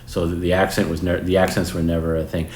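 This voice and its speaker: A man's voice: deep voice, flat delivery, fast talker, a little mellow. A man in his forties hosting a live stream, chatting casually with viewers in a rambling way, restarting sentences and swearing now and then. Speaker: host. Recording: roomy with faint background noise.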